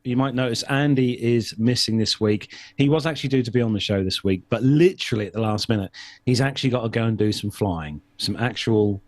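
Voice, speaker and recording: A man's voice: medium pitch, fairly quick, no room sound. A man from the United Kingdom hosting a podcast in casual chat, telling rambling anecdotes. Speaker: podcast host.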